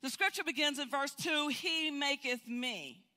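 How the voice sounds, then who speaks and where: An older woman teaching a Bible study, telling stories in an animated way and often repeating words. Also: high-pitched, a little slow. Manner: animated, storytelling with frequent repeats. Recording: hall reverb.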